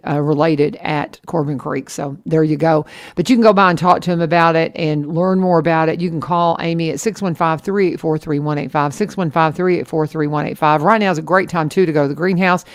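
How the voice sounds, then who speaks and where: A woman radio host, talking in a chatty, enthusiastic way with many restarts. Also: low-pitched. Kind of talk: casual radio chat.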